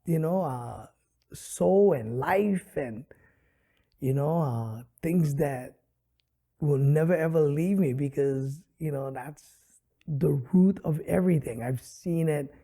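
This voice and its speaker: A middle-aged man from Hawaii, a comedian telling stories in an animated way with many fillers, on a studio podcast mic. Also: a little high, a little slow. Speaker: comedian and guest. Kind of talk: casual interview storytelling.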